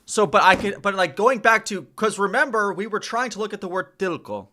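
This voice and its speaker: A young man learning a language in a casual lesson, hesitant, repeating phrases slowly as he practices. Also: sits high, bright, forceful tone.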